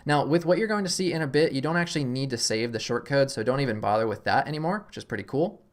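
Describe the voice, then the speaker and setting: A man hosting a casual screen-recorded software tutorial, thinking aloud as he clicks, relaxed and self-deprecating. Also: mid-range voice, quick pace. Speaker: tutorial host.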